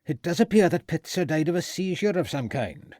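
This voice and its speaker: A man's voice: a little high, lively intonation, brisk, darkish tone, no echo, studio quality, voice pushed up, close to an everyday voice. A man voicing a pompous, long-serving town doctor with a pronounced Welsh accent who talks stiffly and self-importantly.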